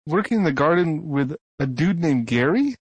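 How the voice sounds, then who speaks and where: A man telling a story in casual podcast chat, animated and saying "like" constantly. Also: a little high, normal speed, slightly rough, no room sound.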